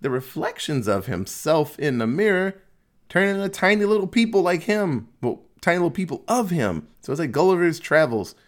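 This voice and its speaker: A man's voice: on the high side, sing-song, moderate pace. A man casually recapping a movie plot in a loose, jokey way, swearing freely.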